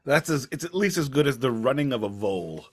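A man's voice: mid-range voice, sing-song, fairly quick. A man co-hosting a casual music podcast, chatty and correcting himself as he goes. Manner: chatty, self-correcting, laughs easily. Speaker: podcast co-host. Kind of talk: casual chat about music.

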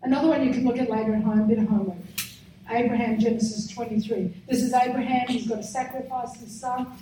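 A woman preaching a fervent sermon, often urging "come on" and swinging between shouting and quiet. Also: a little high, fairly even intonation, quick pace. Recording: echoey hall, speaker far from mic, faint noise.

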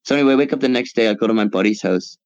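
A man's voice: on the low side, racing, darkish tone, no room sound. A man in a casual group voice chat, telling a long story in a rambling, profane way. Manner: profane, rambling storyteller, talks over others. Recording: dull, lo-fi mic.

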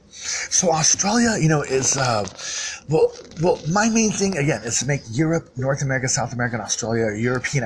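A man in a mid-pitched voice rambles through a solo monologue, circling back and repeating himself. His talk is loose and unscripted, packed with fillers and false starts, with a faint hum of room ambience behind him. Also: poor audio.

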